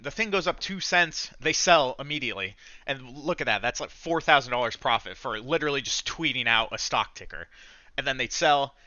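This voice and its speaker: A young man hosting a trading channel, talking casually over charts in an animated, profane, mocking way. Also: mid-range voice, no echo. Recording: dull, dry lo-fi sound.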